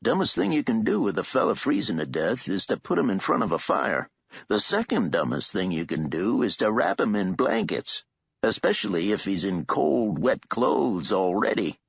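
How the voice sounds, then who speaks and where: A man's voice: on the low side, big pitch swings, normal speed, vocal fry, breathy edge, no room sound, heavily acted. A man voicing a kindly, talkative old man with a folksy, drawling delivery in an audiobook. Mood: reassuring. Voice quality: folksy, drawling and sing-song. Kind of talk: audiobook character voice. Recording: dull lo-fi dry recording.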